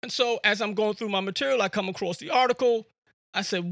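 A man's voice: high voice, fairly quick, vocal fry, pushed and bright, no echo, studio quality. A man hosting a podcast, telling a story in a casual, slangy way and often repeating words as he talks. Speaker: podcast host.

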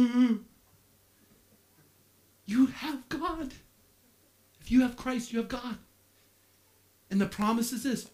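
A man preaching a sermon as pastor, animated, with playful asides, swinging from quiet stretches to shouting. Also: extremely high pitch.

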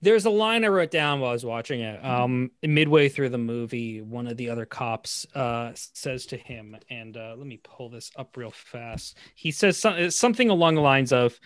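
A man co-hosting a film discussion podcast, talking casually with many fillers and restarts, getting animated as he criticizes. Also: mid-range voice, moderate pace, few pauses, dry recording, clean studio sound. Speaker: podcast co-host. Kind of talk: casual film review chat.

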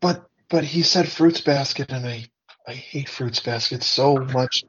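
A man's voice: mid-range voice, measured pace, heavy background noise. A man in a casual group chat, rambling through his picks. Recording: dull lo-fi sound.

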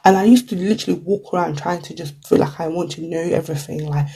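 A relaxed vlogger chats straight to camera with a gravelly, husky edge to the voice. The tone is dark and mellow, full of "like" and "you know", with quick acted-out quotes dropped in along the way. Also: medium pitch. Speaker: vlogger giving career advice. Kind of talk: casual to-camera chat.

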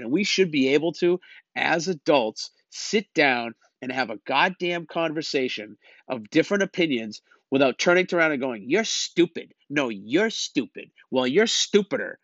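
A man's voice: medium pitch, a bit bright, no echo, lo-fi sound. A man delivering a blunt, exasperated opinion rant, lecturing his listeners and tagging lines with "okay?".

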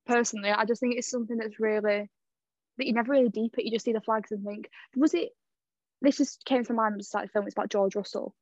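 A young woman co-hosting a podcast, chatty and quick, laughing easily in casual talk. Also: a little high, steady tone, darkish tone, dry recording, lo-fi sound. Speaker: podcast co-host. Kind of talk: casual chat.

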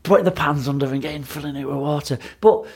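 A man's voice: on the high side, fast talker. A man, co-hosting a casual podcast, telling stories with lots of laughter. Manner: animated storytelling, laughs often. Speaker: podcast co-host, primary school teacher. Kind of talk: casual chat.

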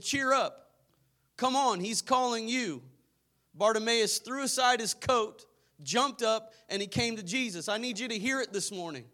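A male pastor with a very high, bright, ringing voice preaching a sermon. He draws the congregation into call-and-response and climbs into fervent shouting.

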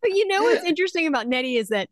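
Animated, curious woman podcast co-host. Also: very high voice, very fast, noisy background. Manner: curious, animated, musing questions. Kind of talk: casual chat.

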